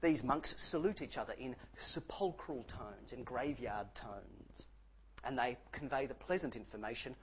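A man preaching a sermon in an animated, jokey way, with sarcastic asides. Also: mid-range voice, moderate pace, slightly rough, rough recording.

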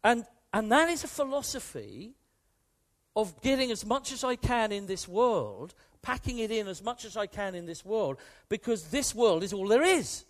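British guy preaching, really lively pitch, goes up high a lot, chatty and emphatic. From Britain. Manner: animated and conversational, shifting from hushed to emphatic. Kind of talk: sermon.

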